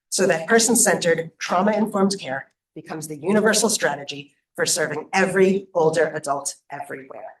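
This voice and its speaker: A woman giving prepared opening remarks at a conference, earnest and emphatic as she rallies her audience. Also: on the low side. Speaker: nonprofit program leader giving opening remarks. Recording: echoey room, voice from a distance.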